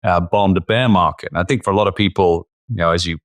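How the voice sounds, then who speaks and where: Low voiced guy co-hosting a podcast, slow careful questions, dry sound. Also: no room sound. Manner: measured, hesitant questions with fillers. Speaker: podcast co-host, company founder. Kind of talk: podcast interview.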